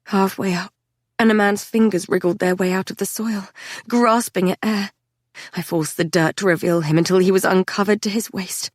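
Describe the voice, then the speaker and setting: A woman reading a dark fantasy novel aloud in the first person, intense and measured. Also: mid-range voice, steady tone, no room sound, clean studio sound. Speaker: audiobook narrator. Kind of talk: dramatic first-person audiobook narration.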